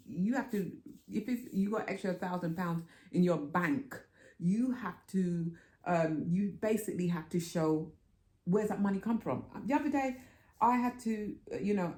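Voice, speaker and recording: A middle-aged woman, chatting to camera in a vlog and telling stories animatedly and indignantly, her pitch jumping high when she gets worked up. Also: warm tone, reverberant. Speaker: vlogger. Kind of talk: casual chat to camera. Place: room at home.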